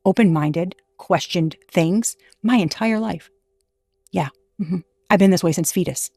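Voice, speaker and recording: A woman reads tarot in a loose, chatty monologue, frank and emphatic, with the odd curse word. Her voice sits at an ordinary middle pitch. It is recorded dry and close, with faint music playing underneath. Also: no echo. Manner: emphatic and frank, with casual swearing. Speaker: tarot reader. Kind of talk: casual tarot reading monologue.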